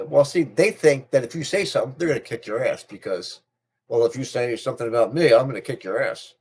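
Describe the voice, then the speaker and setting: A man's voice: medium pitch, darkish tone, slightly rough. A middle-aged man with a speech difference, chatting casually to his viewers as a channel host, repeating and restarting phrases as he goes. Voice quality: speech difference, not a stutter. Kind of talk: casual personal talk to camera.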